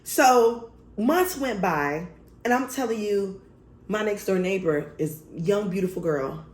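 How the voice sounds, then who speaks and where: Animated woman telling a story, echoey room. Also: mid-range voice, takes it slowly. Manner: animated, blunt and profane. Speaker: vlogger. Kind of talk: casual storytime.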